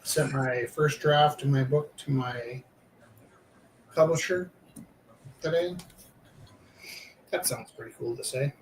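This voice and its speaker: In a slightly slow, mid-range voice full of frequent pauses, the live-streaming artist rambles casually with many fillers as he draws. The room echoes, the mic sits far off, and faint noise lingers.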